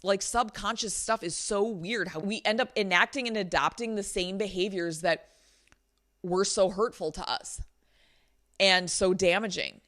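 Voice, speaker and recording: Young female vlogger, bright tone, animated and exasperated storyteller, laptop mic. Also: mid-range voice, normal speed. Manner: animated, exasperated retelling with many likes. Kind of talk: storytime vlog. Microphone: laptop built-in mic.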